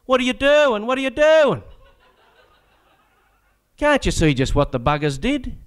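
Man doing a shrieking, indignant Aussie politician, very high and loud, for a comic ballad. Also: big pitch swings, unhurried, clear, resonant tone, heavily acted. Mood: outraged. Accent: Australian. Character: shrill, outraged middle-aged male politician yelling.

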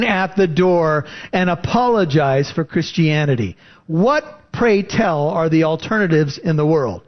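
A man preaching a sermon, reading scripture and explaining it with lively emphasis. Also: a little slow. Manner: animated, rising pitch for emphasis. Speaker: pastor. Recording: dull lo-fi recording.

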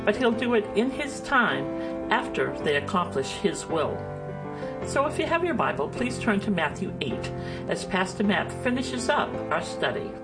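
Female radio announcer, scripted intro, smooth even read, guitar music behind. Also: mid-range voice, normal speed, poor audio. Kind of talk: scripted narration.

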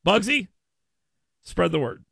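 A man's voice: high voice, sing-song, takes it slowly, vocal fry, sharp tone, breathy edge, no echo. A man hosting a talk radio show, chatting playfully and making mock proclamations, with frequent restarts, on a studio mic. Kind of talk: casual talk radio banter. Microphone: studio microphone.

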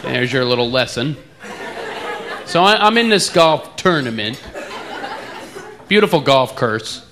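Male comic from back east, loud live crowd. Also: medium pitch, lively intonation, a little slow, pauses often. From eastern United States. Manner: playful, mocks accents, drags out words. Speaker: stand-up comedian. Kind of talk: stand-up routine. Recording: live club recording with loud crowd noise.

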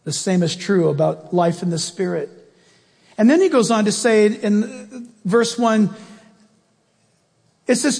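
A man preaching a sermon in a church, animated and emphatic, firing rhetorical questions at the congregation. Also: sits high, a little slow, pauses often, slightly rough, big-room sound. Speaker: pastor.

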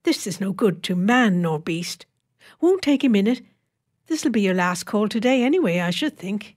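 A woman's voice: medium pitch, animated, moderate pace, a little mellow, close to an everyday voice. Woman voicing a chatty older housewife. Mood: reminiscing. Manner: rambling, homely chatter.

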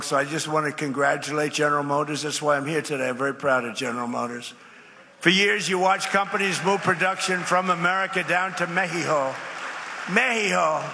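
Man, bright voice, repetitive emphatic speech, podium mic in a big reverberant hall. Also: fairly high pitch. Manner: repetitive, emphatic, rambling asides. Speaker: speaker at a public event. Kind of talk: off-the-cuff rally speech. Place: large event space. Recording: reverberant hall with faint ambience.

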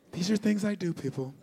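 A man's voice: high-pitched, gravelly, darkish tone, a little hiss or hum. A male stand-up comedian performing an exasperated, profane routine and talking straight to the audience. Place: comedy club stage.

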